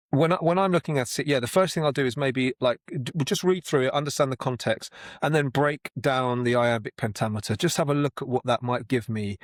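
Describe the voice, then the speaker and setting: A man's voice: mid-range voice, dry recording, studio quality. A man giving a casual spoken lesson on Shakespeare, talking conversationally with frequent restarts and repeated words, sometimes chanting the verse rhythm aloud. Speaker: Shakespeare explainer. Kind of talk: casual explanatory talk to camera.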